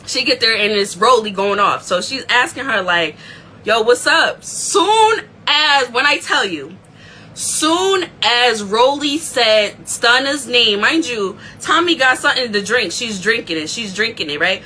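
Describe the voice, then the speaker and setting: Woman, recap host, casual chat, excitable, bright voice, slightly high. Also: unhurried, slight background noise, poor audio. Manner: excitable, animated storytelling.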